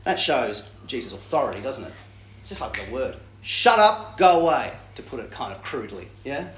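A man giving a Bible teaching talk in a lively way, acting out quoted lines with big jumps in pitch. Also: fairly quick, a little hiss or hum. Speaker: preacher. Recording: echoey room.

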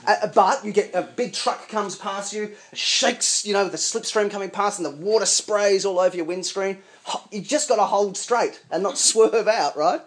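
A man preaching a sermon in an animated, conversational way with chuckling asides. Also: high-pitched, normal speed, hardly any pauses.

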